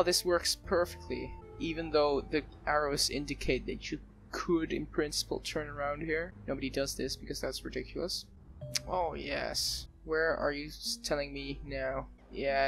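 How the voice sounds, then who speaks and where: A man giving casual gameplay commentary, excitable, often laughing and exclaiming at what he sees. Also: on the high side, creaky. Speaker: let's play gamer. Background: soft background music.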